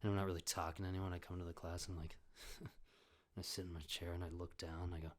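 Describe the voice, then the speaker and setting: Low-voiced young man telling stories. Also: little pitch movement, fast. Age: 20s. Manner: rambling, swears often, acts out quoted voices. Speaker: podcast host. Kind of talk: casual storytelling.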